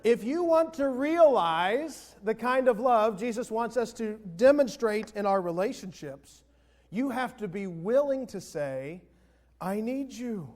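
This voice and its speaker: Male pastor, fairly high voice, relaxed conversational sermon with congregation responses. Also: measured pace. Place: church sanctuary.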